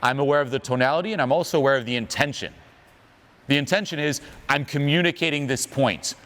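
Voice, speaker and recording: A man's voice: mid-range voice, quick pace, fairly bright tone. A man coaching on social skills in an emphatic motivational talk, asking the audience questions.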